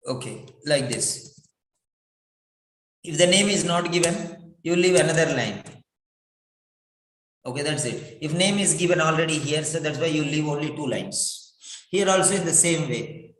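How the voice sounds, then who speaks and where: A man teaching a writing lesson slowly, repeating words and spelling them out letter by letter. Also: on the high side, animated, a bit bright. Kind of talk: online exam-prep lesson. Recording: echoey room.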